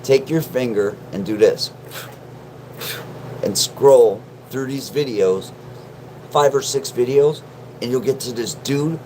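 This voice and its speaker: Man, casual livestream host, profane, self-mocking, slow talker, noisy background. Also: medium pitch, warm tone. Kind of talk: casual livestream chat with viewers. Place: at home in his mom's basement.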